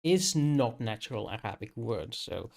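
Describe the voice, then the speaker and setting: Slow, hesitant man running the game. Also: medium pitch, lively intonation, vocal fry, darkish tone. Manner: slow and hesitant, many pauses and fillers. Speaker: game master. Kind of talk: narrating a tabletop game.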